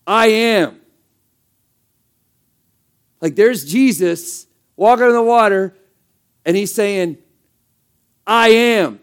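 A man with a high voice preaches to his congregation. He talks casually but with emphasis and keeps asking the room questions. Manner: conversational and emphatic, rhetorical questions. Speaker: pastor. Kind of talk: sermon.

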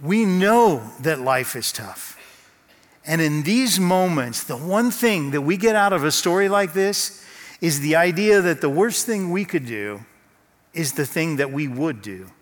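A man preaching a sermon as pastor, telling a story with slow, dramatic pauses. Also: fairly high pitch, expressive. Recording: long hall reverb.

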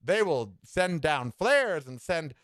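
This podcast host talks slowly in a slightly bright voice with big pitch swings, and the recording has no room sound. Alone at the mic, he offers a sassy, opinionated monologue, tossing in campy asides and shifting pitch and tempo dramatically.

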